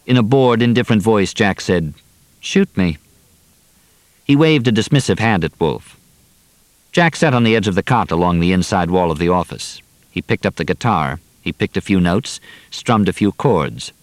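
A man reading a novel aloud as narrator, measured and steady. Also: sits low, no room sound. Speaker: audiobook narrator. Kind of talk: scripted narration.

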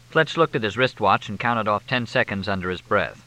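A man narrating a novel in measured, even storytelling. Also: on the low side, dry recording, poor audio. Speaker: audiobook narrator. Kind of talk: scripted narration.

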